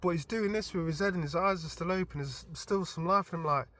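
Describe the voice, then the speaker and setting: A man casually telling a story from his dream as a vlogger, animated and informal, often stumbling and restarting his words. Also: high voice, fairly quick, few pauses. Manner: animated retelling with frequent stammered restarts; informal and chatty.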